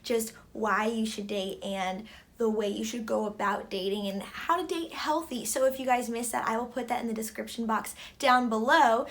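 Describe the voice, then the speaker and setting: Chatty young woman with a tired, hoarse voice. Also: on the high side, fairly bright tone. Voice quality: chatty, many "like"s. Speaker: beauty vlogger. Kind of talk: casual hair tutorial chat.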